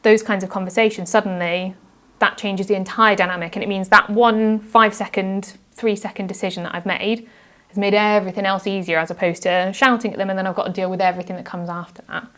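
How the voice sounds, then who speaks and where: A woman's voice: mid-range voice, steady tone, fast talker, a bit bright. A woman being interviewed on a podcast, talking earnestly and reflectively about handling conflict, often acting out example phrases. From United Kingdom. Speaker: podcast guest. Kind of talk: casual interview chat.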